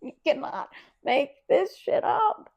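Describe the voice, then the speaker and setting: A woman hosting a podcast, telling a wild story in a casual, profane rant, swinging from loud and laughing to low, quiet asides. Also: expressive, takes it slowly, vocal fry, muffled recording. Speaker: podcast host.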